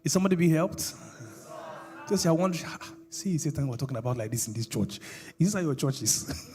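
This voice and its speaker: A man's voice: fairly high pitch, sing-song, brisk, pauses often, darkish tone, soft background music. A middle-aged male pastor, preaching a sermon with call-and-response questions to the congregation.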